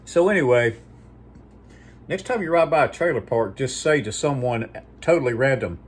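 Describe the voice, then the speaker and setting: A man's voice: mid-range voice, expressive, normal speed, a little hiss or hum. A man hosting his own video channel, rambling in a folksy, profane casual monologue before a sign-off. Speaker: vlog host.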